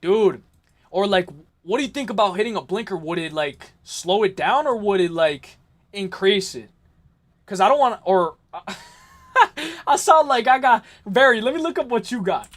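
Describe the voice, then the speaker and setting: A man's voice: sits high, animated, normal speed, a bit bright. Young man rambling on a stream. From New York area. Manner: rambling, laughs a lot, reads and answers chat. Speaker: livestream host. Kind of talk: casual late-night livestream chat.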